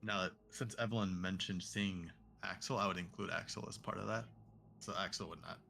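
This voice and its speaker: Low gravelly-voiced man, game player. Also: fairly even intonation, normal speed, sharp tone, a little hiss or hum. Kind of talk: casual tabletop game play.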